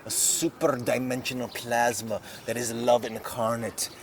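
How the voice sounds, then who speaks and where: A man's voice: mid-range voice, level tone, measured pace. A man improvising a rambling, absurd comic story outdoors in a city park. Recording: outdoor noise with passing traffic.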